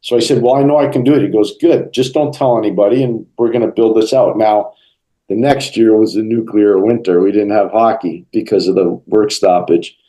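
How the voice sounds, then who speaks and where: A middle-aged man answering interview questions with a low, mellow voice. He tells stories with energy, acting out each quote as he goes. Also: brisk, rough recording. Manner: animated storyteller, acts out quotes. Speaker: interview guest, hockey broadcaster.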